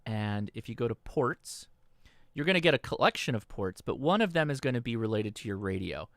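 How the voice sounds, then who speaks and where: A man talking through a radio software setup on a livestream, patient and instructional, often pausing to ask "okay?". His voice sits at an ordinary pitch and sounds dry and close, with no room echo. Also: expressive. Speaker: host. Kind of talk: livestream tutorial. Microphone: desk microphone.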